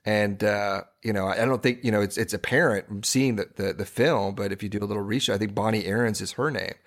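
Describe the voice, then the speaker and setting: A man's voice: fairly low pitch, steady tone, fast talker. Man rambling in casual chat. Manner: rambling, many restarts and fillers. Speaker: podcast co-host.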